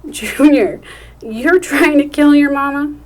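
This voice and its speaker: A woman's voice: high voice, slow, voice pushed up. A woman reading the part of a young mother in her mid-twenties, tender and pleading.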